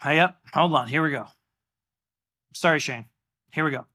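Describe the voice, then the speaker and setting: A man preaching a sermon in a church, animated and exclamatory in a conversational way. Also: on the high side, moderate pace. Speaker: pastor.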